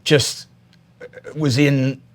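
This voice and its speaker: A man's voice: medium pitch, flat delivery, extremely slow. An Australian man, a podcast guest, telling a personal story candidly, often repeating words and swearing freely.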